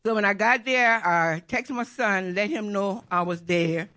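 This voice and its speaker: A woman's voice: mid-range voice, measured pace, sharp tone. A middle-aged woman telling a personal faith testimony in an earnest, repetitive storytelling way. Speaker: churchgoer giving testimony.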